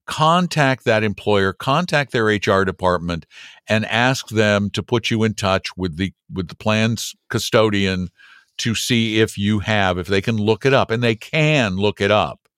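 A man's voice: on the low side, measured pace, a bit bright, smooth, no room sound, studio quality. A man hosting a radio money show, explaining tips in a folksy, playful way. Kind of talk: casual money-advice talk.

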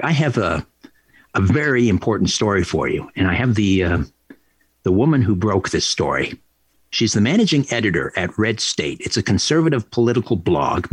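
Husky indignant talk radio host man. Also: medium pitch, no room sound. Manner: indignant, emphatic, repeats phrases.

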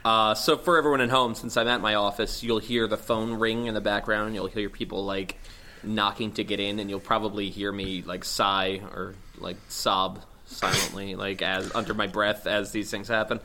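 Burnt out guy at his office, slowish low voice, halting, sighing. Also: level tone, pushed and bright, a little hiss or hum. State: exhausted, burnt out. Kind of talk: casual chat.

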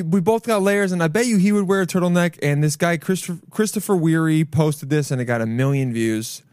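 A young man hosting a solo podcast from his apartment, rambling loudly with jokes and swearing. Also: mid-range voice, clean tone, dry recording. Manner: rambling, loud, jokey, swears a lot. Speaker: podcast host. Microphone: camera mic.

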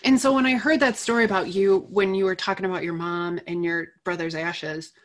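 Here a middle-aged woman is the guest, telling a heartfelt story from her own life with candor and energy. Her pitch sits on the low side, her pace is brisk, and she laughs between phrases.

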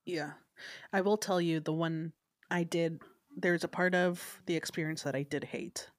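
A woman's voice: measured pace, dry recording. A woman co-hosting a podcast, telling stories in casual chat and acting out the people in them. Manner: animated storyteller, mimics people with a raised pitch. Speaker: podcast co-host.

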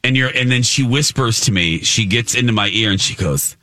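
A man telling a funny story in casual chat, acting out the people he quotes in an excited voice. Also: a little fast, no echo. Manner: animated, acts out quotes in a high excited voice.

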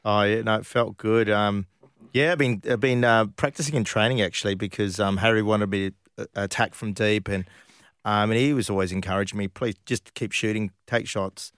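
A middle-aged man from Western Australia, telling animated stories as an interview guest, full of fillers. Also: on the low side, a little fast, smooth, no echo, clean studio sound. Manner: animated anecdotes with frequent laughs and fillers. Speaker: guest, former footballer. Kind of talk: casual storytelling interview.

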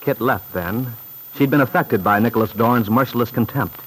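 A man narrating a radio drama in measured, even storytelling style. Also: medium pitch. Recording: scratchy old radio broadcast.

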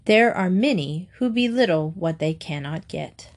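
A woman calmly reading fables aloud, clear and steady as a storyteller. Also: lowish voice, measured pace. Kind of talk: scripted storybook narration.

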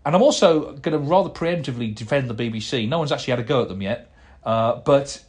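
A man's voice: medium pitch, animated, quick pace, a little mellow. A middle-aged man hosting a casual solo podcast, rambling and chatty with plenty of fillers and restarts as he answers listener emails. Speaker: podcast host.

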